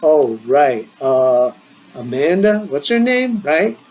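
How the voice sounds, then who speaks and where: A man's voice: sing-song, slow pace, slight background noise, low-quality recording. Man voicing a playful, needling teen boy; lift the voice up from your own. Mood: teasing. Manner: playful, needling, higher and brighter than his own voice. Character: teasing eager teenage boy leaving for college.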